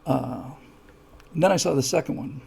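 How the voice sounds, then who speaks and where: The host of a live show, a man whose fairly high voice carries a gravelly edge, speaks at normal speed. His storytelling stumbles through fillers and restarts, moving from soft, low asides to heated, repeated emphasis.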